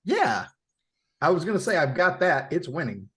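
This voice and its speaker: A man's voice: on the high side, sing-song, normal speed, fairly bright tone, slightly rough. A man co-hosting a podcast, casually going over his bets and teasing the others. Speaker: podcast co-host. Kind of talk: casual sports betting chat.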